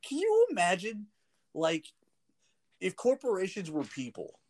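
Male co-host, a touch high-pitched, animated storyteller who laughs a lot and acts out quotes. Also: a little slow. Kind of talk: casual chat.

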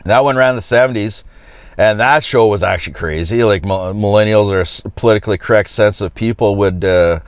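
A man's voice: lowish voice, fairly quick, clear, resonant tone, no room sound. Rambling man hosting a podcast. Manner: rambling, joking, chuckles at his own lines. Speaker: podcast host. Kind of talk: casual opinionated monologue.

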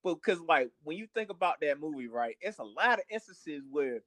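A man's voice: on the high side, expressive, brisk, fairly bright tone, no room sound. A young man co-hosting a family podcast in casual chat, blunt and profane, often repeating words as he starts a thought. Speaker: podcast co-host.

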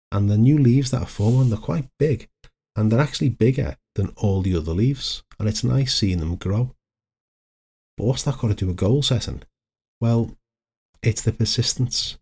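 A man's voice: lowish voice, dark tone, slightly rough. A middle-aged man, hosting a solo motivational podcast in a chatty, anecdotal way that wanders into side stories. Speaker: podcast host, life coach.

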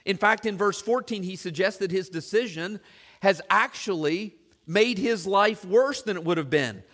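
A man's voice: sits high, normal speed, a bit bright. A man preaching as a church pastor, earnest and questioning, piling up long lists and repeating his questions to the congregation. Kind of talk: sermon.

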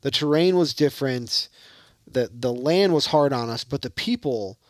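A man with a Michigan accent, co-hosting a casual hunting podcast and telling stories in a rambling, animated way. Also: mid-range voice, moderate pace, no room sound, studio quality. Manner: rambling storyteller, animated, mimics locals. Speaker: podcast co-host.

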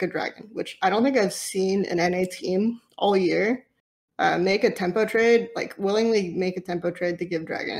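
A woman analyst in a casual panel discussion, talking through game strategy quickly with frequent restarts. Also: fairly low pitch, gravelly. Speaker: esports analyst.

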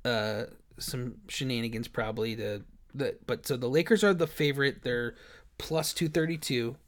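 A man's voice: medium pitch, normal speed. A man co-hosting a podcast, chatting casually about sports, rambling, often laughing and restarting his sentences. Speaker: podcast co-host.

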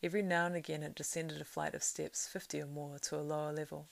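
A woman reading a novel aloud, keeping a steady storytelling pace that swells louder in the action. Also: low voice, fast, gravelly. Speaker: reader.

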